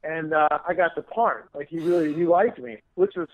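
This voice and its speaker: Animated, cursing male comic guest, higher voice, tinny dry phone-quality audio. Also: moderate pace, dry recording. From San Francisco area. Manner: animated, profane storytelling with acted-out quotes. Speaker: comedian guest. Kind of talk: storytelling in casual interview.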